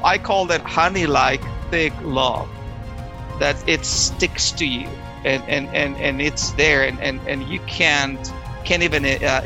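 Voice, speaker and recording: A man telling his personal faith testimony, emotional and halting, often restarting his words. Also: on the high side.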